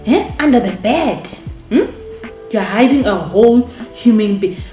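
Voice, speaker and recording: A young woman telling a storytime vlog, animated and indignant, talking straight to her viewers. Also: a little high, unhurried. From South Africa. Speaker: vlogger. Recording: echoey room with faint music.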